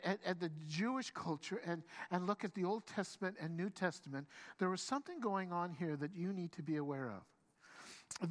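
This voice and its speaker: Animated preacher telling a story. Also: medium pitch. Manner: animated storytelling, acts out quoted lines; frequent stammered restarts. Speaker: pastor. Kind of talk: sermon.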